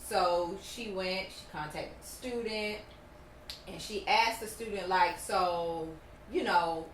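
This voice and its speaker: A woman's voice: mid-range voice, unhurried, far from the mic, slight background noise. A woman co-hosting a podcast, telling a story in casual, emphatic chat. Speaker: podcast co-host. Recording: echoey room, off mic, faint ambience.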